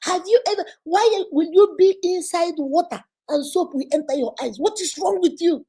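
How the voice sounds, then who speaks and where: A woman's voice: high voice, animated, moderate pace, dark tone. A Nigerian woman voicing an outspoken young sister-in-law who scolds in a string of indignant questions. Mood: scolding.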